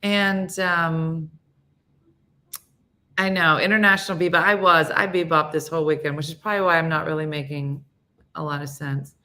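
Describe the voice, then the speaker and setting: A woman's voice: sits low, fairly even intonation, moderate pace, pushed and bright. A middle-aged woman hosting a morning show, chatting in a casual, self-mocking way and acting out quotes. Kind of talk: casual comedic monologue chatting with live viewers.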